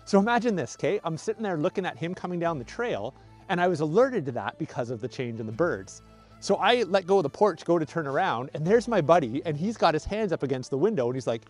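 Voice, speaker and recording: A man teaching about nature, telling a story to camera with enthusiastic, animated energy. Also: fairly high pitch, a little fast, soft background music. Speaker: outdoor nature educator.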